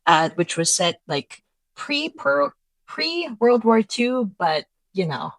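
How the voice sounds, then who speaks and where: Relaxed woman co-host, many ums, recapping facts, dry sound. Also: fairly high pitch, takes it slowly, creaky, no room sound. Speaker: podcast co-host. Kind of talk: casual commentary chat.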